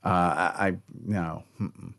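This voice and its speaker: A man co-hosting a podcast, soft-spoken and hesitant, reacting with short replies in casual talk. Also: deep voice, fairly even intonation, takes it slowly, gravelly, no echo, studio quality. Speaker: podcast co-host. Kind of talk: casual chat.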